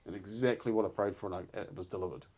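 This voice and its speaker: Earnest podcast guest, low-pitched man, emotional storyteller, casual. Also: fairly even intonation, quick pace, a little mellow. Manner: earnest, emotional storytelling, says "bro" often.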